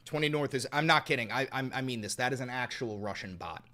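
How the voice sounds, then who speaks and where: A man doing casual livestream reaction commentary, with a bright, forceful voice. He talks to viewers with open disbelief, swears freely and jumps from low muttering to shouts. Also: fast talker, a little hiss or hum. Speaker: political commentator reacting to clips and chat.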